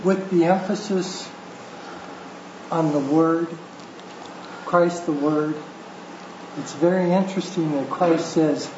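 A man with a fairly high-pitched voice makes an earnest, explanatory comment from the audience. He sounds roomy and distant, with clear background noise over a dull, muffled recording. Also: steady tone, takes it slowly, pauses often. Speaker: audience member.

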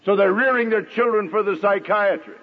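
A middle-aged man preaching a sermon with dramatic pauses, now and then acting out the voices of the people in his stories. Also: sits high, long reverb tail, muffled recording.

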